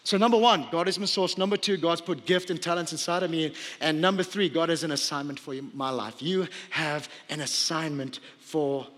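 A man preaching in a big church hall, his voice trailing off in a long reverb. He speaks a little higher than most men and presses his points by saying them over and over. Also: fast, hardly any pauses, fairly bright tone. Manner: exhorting, repetitive emphasis. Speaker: pastor. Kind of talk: sermon.

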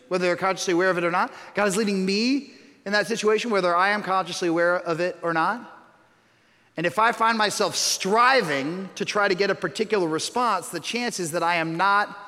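A man preaching a sermon as pastor, telling stories with self-mocking humor. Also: high-pitched. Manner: storytelling, animated and self-mocking. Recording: reverberant hall.

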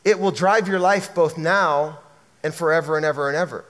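An earnest man preaches to his congregation, his voice sitting notably high for a man. He drives each point home with emphatic repetition, and a long reverb from the large hall trails behind his words. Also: moderate pace, fairly bright tone. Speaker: pastor. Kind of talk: sermon.

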